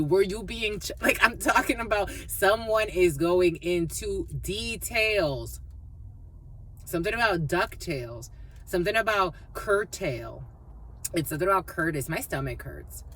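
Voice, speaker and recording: A woman's voice: mid-range voice, animated, measured pace, a bit bright, breathy edge. A woman giving a rambling spiritual reading, chanting repeated phrases and laughing often. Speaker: intuitive reader.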